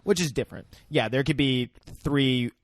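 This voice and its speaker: A man's voice: medium pitch, normal speed, no echo. Young man, podcast co-host, mid-range voice, laid-back joking banter, dry close recording. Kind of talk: casual movie chat.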